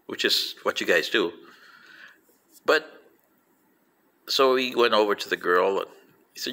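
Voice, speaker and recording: A man, a Spanish speaker by birth, tells stories to an audience and keeps turning to them with direct asides. His voice is bright and edged, and it leaps upward whenever he stresses a point. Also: unhurried, long pauses. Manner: animated, pitch jumping on emphasis; addresses listeners directly with asides. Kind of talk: storytelling talk.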